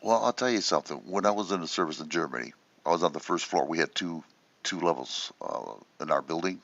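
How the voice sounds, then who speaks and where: A man's voice: deep voice, fast talker, vocal fry, a bit bright, no room sound. A man telling rambling, profane stories in a casual chat about his days in the service. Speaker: veteran storyteller. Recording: dull dry lo-fi sound.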